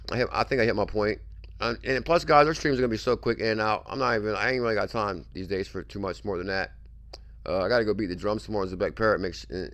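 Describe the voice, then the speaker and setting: A man's voice: on the low side, fairly bright tone, dry recording. A man hosting a crypto livestream in a pushy, repetitive hype style, keeps pressing his point. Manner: pushy, repetitive hype, keeps saying "I'm telling you". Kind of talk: hyped casual livestream talk.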